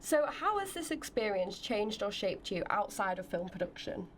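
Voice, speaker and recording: A woman's voice: mid-range voice, sing-song, moderate pace, a little hiss or hum. A British woman hosting a podcast, chatting casually and laughing a lot in a bubbly, talkative way. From United Kingdom. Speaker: podcast host.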